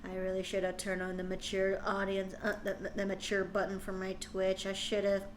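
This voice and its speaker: A woman's voice: medium pitch, monotone, a little fast, slight background noise. A woman streamer reading cringe fan fiction aloud on a live stream, breaking off with exasperated, sarcastic asides.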